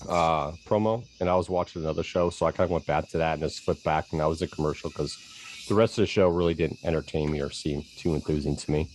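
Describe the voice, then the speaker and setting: Deep-voiced middle-aged guy, teasing. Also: fast, darkish tone, slight background noise. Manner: easygoing, teasing. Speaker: podcast co-host. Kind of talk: casual chat.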